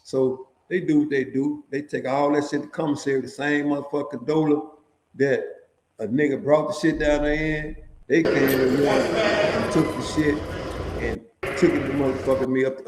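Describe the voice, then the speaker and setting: A man's voice: mid-range voice, normal speed, noisy background. A middle-aged man, a former prisoner, telling his own prison stories in casual, profane, streetwise talk. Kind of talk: casual storytelling. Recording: echoey room.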